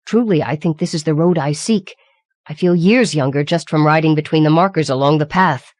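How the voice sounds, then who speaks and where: A woman reads as a solemn old man in a storybook fantasy, his voice dropped low and quiet. He sounds steady and grave, a careful elder speaking softly in a dry, close recording. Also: a little fast, no echo, lightly acted.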